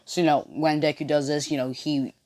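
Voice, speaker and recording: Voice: medium pitch, little pitch movement, fairly quick, a little mellow, no echo, studio quality. A young storyteller casually retelling a fan-made anime story from a bedroom, rambling and restarting, with constant "you know" fillers. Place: own bedroom with friends nearby.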